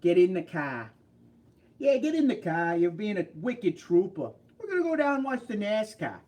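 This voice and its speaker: A man's voice: high-pitched, sing-song, normal speed, darkish tone, pitched above the performer's own voice. A man doing a caricatured Philadelphia local. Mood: gruff. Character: gruff local Pennsylvania man heading to the races.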